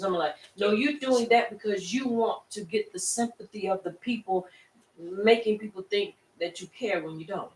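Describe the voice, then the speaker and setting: With lively intonation, medium pitch, and normal speed, a teacher preaches a Shabbat class to a small congregation in conversational call-and-response, using rhetorical questions to pull answers from listeners. The voice sits well back from the mic in an echoey room, with slight background noise and faint ambience humming underneath.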